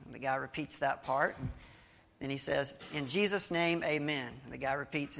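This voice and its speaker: A man's voice: mid-range voice, fairly even intonation, normal speed, gravelly, a bit bright. A male pastor giving a sermon, reading scripture and telling a story in a conversational preaching manner with small restarts. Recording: long hall reverb.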